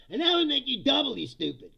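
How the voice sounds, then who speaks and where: A man's voice: very high voice, huge pitch swings, normal speed, creaky, pushed and bright, slightly rough. A man hosting a live comedy stream on politics, reading chat and mocking commenters with profane jokes and frequent laughter. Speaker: host. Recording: dull lo-fi sound.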